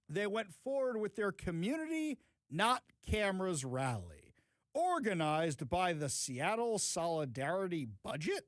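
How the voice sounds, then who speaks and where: Man, talk show host, high lively voice, sarcastic, dry booth sound. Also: normal speed, no room sound. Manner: sarcastic, animated, mocking asides. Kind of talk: opinionated talk show commentary. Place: radio studio.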